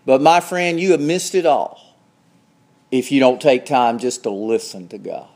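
A man preaching a sermon, slow and emphatic, climbing higher when he presses a point. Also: darkish tone.

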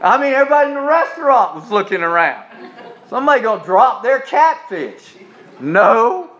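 A man's voice: very high voice, sing-song, normal speed, a bit bright, muffled recording, a little hiss or hum. A middle-aged male minister preaching in a homespun, conversational way, with folksy anecdotes and repeated phrases.

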